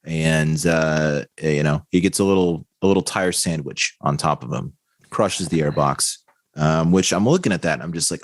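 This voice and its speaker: A man co-hosting a podcast in casual chat, relaxed and chatty, full of "dude" and "like". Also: extremely low pitch, moderate pace, no room sound. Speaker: podcast co-host.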